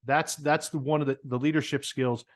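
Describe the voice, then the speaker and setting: A man with a New Jersey accent, a guest telling stories in a casual interview, animated and repeating words as he talks. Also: medium pitch, moderate pace. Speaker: guest, business owner.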